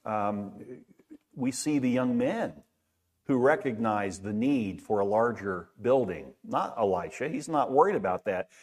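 A man's voice: fairly low pitch, animated, measured pace, a little mellow, slightly rough. A middle-aged man preaching a sermon in a conversational way, asking rhetorical questions and often repeating words. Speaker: pastor.

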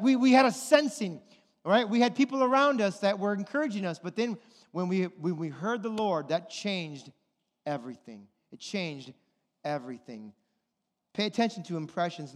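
High-pitched guy preaching a sermon, animated storyteller, long hall echo. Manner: animated storytelling preacher, quoting and acting out voices. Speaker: pastor. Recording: long reverb of a large hall.

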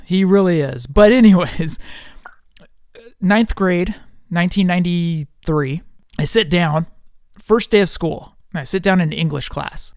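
A man's voice: on the high side, no room sound, studio quality. A man in his forties from the US West Coast, hosting a podcast and telling easygoing stories. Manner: easygoing storyteller, laughs often. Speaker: podcast host. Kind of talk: casual chat.

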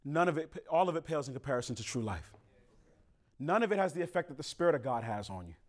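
Male pastor preaching, a bit high-pitched, laid-back slang that jumps to loud emphatic peaks. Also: fast. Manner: animated, conversational street slang. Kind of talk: sermon.

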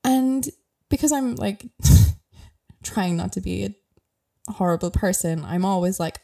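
A woman's voice: mid-range voice, a little slow, dark tone. A young Irish woman hosting a podcast, chatting casually and rambling with lots of fillers. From Ireland. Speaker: podcast host. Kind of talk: casual chat.

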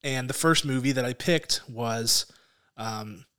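A man's voice: medium pitch, slow pace, a bit bright, smooth. A man co-hosting a movie review show in casual chat, upbeat and chatty, often laughing between phrases.

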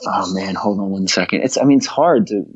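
A man's voice: deep voice, fairly quick, husky, no echo, highs cut off. A young adult man, a podcast guest, telling a rambling, profane story full of fillers and laughter. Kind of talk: casual storytelling.

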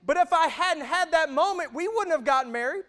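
A man in his thirties preaching a sermon, who moves from loud, emphatic stretches to hushed, intimate ones. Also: very high voice, animated, a little fast. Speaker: pastor.

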